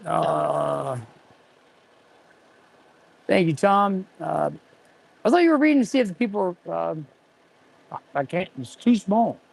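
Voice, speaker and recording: A man's voice: high voice, lively intonation, slow, creaky, long pauses, husky. A man in his forties, an auto mechanic hosting a casual livestream, rambling and answering viewer chat as he goes. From United States.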